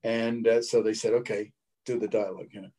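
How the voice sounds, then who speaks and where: A man's voice: lowish voice, brisk. An older man with an Australian accent, a guest actor telling anecdotes in an interview and mimicking the people in them. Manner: lively raconteur who mimics the people in his stories.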